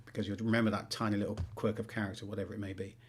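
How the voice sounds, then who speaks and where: A man's voice: lowish voice, flat delivery, racing, a little hiss or hum. A male author on a livestream, rambling with many fillers, talking about writing and then reading aloud.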